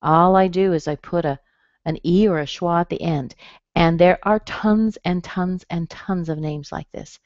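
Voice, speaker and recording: A woman's voice: fairly low pitch, a little slow, a little mellow, no room sound. A woman teaching a pronunciation webinar, patiently sounding out the syllables of names. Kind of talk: webinar lesson. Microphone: computer mic on a webinar. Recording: dry, slightly dull webinar audio.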